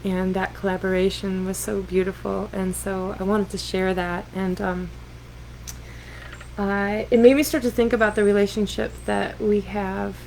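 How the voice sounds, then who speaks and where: A singer-songwriter woman telling a story on a livestream in a gentle, unhurried way with hesitant fillers, recorded on a laptop mic. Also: medium pitch, level tone, vocal fry, a little hiss or hum, rough recording. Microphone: laptop computer mic.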